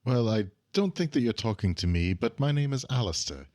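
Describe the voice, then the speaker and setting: A man playing in a tabletop game, hesitant and thinking out loud with many fillers. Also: medium pitch, animated, a little fast. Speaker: player. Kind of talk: casual tabletop role-play.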